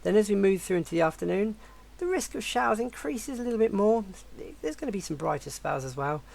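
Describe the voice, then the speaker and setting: A man with a croaky voice while recovering from the flu, presenting a weather forecast with many hesitations and restarts. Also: high voice, very animated, brisk, darkish tone. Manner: hesitant, with frequent fillers and restarts.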